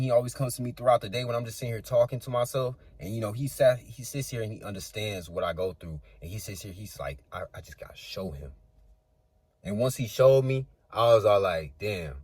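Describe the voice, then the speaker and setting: A man's voice: mid-range voice, no echo. A young man talking in a rambling, earnest monologue about faith and family, repeating himself and swearing freely. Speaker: channel creator. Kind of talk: casual spiritual monologue.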